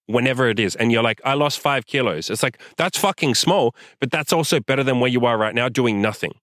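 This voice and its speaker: A man's voice: medium pitch, dry recording, clean studio sound. Blunt, swearing man ranting to camera. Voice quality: swears a lot, forceful and direct. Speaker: host. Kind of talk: blunt motivational rant. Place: outdoors in sunlight.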